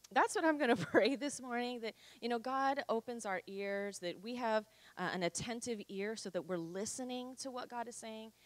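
A pastor's wife greeting the congregation and leading prayer in an earnest, soft-spoken way. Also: female voice, mid-range voice. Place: church.

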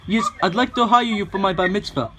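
A man's voice: high-pitched, fairly even intonation, fairly quick, natural voice. A man putting on a voice as a bar mitzvah boy on a prank call, hesitant and stumbling over his words. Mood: awkward pleading. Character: male prankster posing as a bar mitzvah kid. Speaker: prank caller. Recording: noisy, with clicks.

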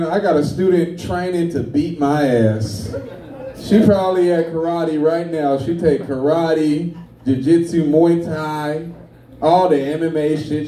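A man's voice: on the high side, mellow, echoey room, recorded from a distance. A man doing a brash, profane stand-up comedy set, telling stories. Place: comedy club stage.

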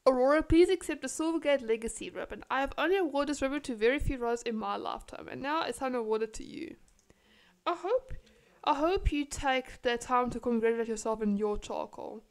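A woman's voice: sits high, fairly quick, clean tone. A woman voicing a pompous aristocratic baroness who gives a grand, formal speech. She is sick.

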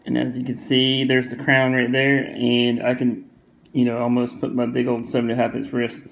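A man's voice: medium pitch, monotone, moderate pace, creaky, low-quality recording. A man with a Southern US accent giving a casual, rambling product review, full of fillers and repeated phrases. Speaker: watch reviewer.

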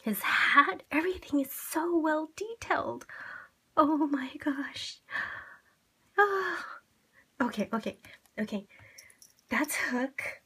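A woman vlogger opening blind boxes on camera at home, gushing and giddy, jittery with excitement, swinging between squeals and hushed whispers. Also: high-pitched, slow, long pauses. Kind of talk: excited unboxing chat.

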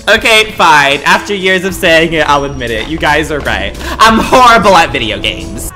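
A woman's voice: deep voice, big pitch swings, moderate pace, few pauses. A young adult woman giving campy, dramatic gameplay commentary as a streamer, sassy and given to sudden shrieks. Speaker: gaming streamer. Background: game music.

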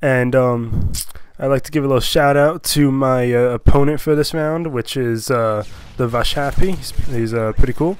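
Young guy, a little under the weather, doing casual rambling comedic commentary at a medium pitch. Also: moderate pace, a little hiss or hum. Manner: rambling and jokey, with many fillers and silly voices. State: sick. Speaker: online video commentator. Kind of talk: casual commentary reading out odd laws.

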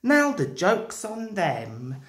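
A woman's voice: medium pitch, huge pitch swings, drawn-out words, exaggerated voice. Woman voicing a moaning male steam engine. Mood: gleeful. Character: proud worried male tender engine. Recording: roomy echo.

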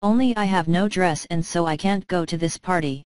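A woman's voice: fairly low pitch, moderate pace, a little mellow, no room sound, close to an everyday voice. A woman voicing a discontented young wife in a storybook reading, resentful and plaintive.

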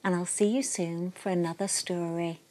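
A woman gently reading a children's bedtime story aloud in a soothing, expressive way. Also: lowish voice, moderate pace, a little hiss or hum.

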